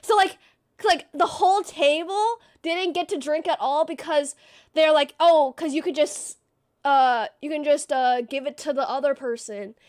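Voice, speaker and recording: A woman with a very high voice chatting casually to her stream. She tells a story full of "like" and acts out what she and others said. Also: unhurried, darkish tone. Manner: many fillers like "like". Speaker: livestreamer.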